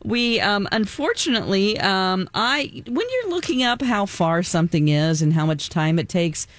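A tired woman on a morning radio show, chatty and animated as she tells a story. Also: mid-range voice, moderate pace, no echo.

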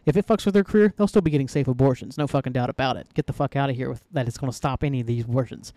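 Rapid-fire yet mellow, this medium-pitched man runs a solo podcast in a studio-quality recording with no room sound. He goes on heated, profane, rambling rants, dropping "like" constantly among other fillers.

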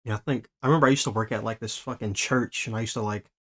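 A man's voice: on the low side, steady tone, fast. A man hosting a casual podcast interview, laid-back and loose, swearing a lot and saying "like" and "bro" often. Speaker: podcast host. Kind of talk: casual conversation.

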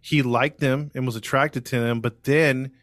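A man's voice: medium pitch, fairly even intonation, normal speed, fairly bright tone, dry recording, soft background music. An American man hosting a podcast, telling a true-crime story in a loose, conversational way with lots of fillers and easy laughter. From United States. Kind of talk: casual storytelling chat.

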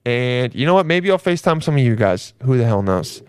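A male podcast host talks in loose, rambling casual chat, swearing freely. His voice is smooth and clear. The recording is close and dry, with no room sound. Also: medium pitch, sing-song, brisk, hardly any pauses, dry recording.

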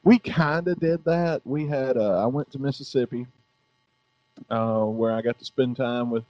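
A man's voice: medium pitch, normal speed, mellow, no echo, lo-fi sound. A middle-aged man hosting a casual podcast chat, laid-back and profane, laughing often. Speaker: podcast host.

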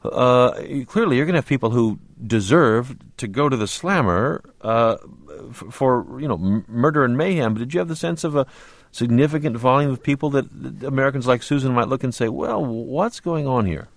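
A man's voice: mid-range voice, a little fast, dry recording. Conversational male radio host. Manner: conversational, leading questions. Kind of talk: radio interview.

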